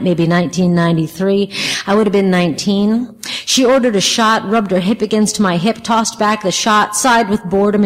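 A woman author reading from her memoir to an audience, wry and expressive. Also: mid-range voice, big-room sound, low-quality recording. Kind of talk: literary reading.

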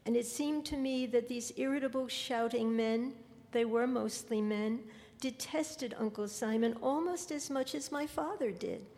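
A woman reading her literary fiction aloud in a measured, deliberate way. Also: fairly high pitch, mellow. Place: lecture hall. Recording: long hall reverb.

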